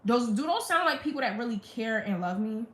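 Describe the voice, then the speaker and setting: A woman's voice: fairly high pitch, lively intonation, brisk, fairly bright tone. A young woman on a live stream, venting a blunt, profane storytime rant about her family. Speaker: livestreamer. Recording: roomy echo.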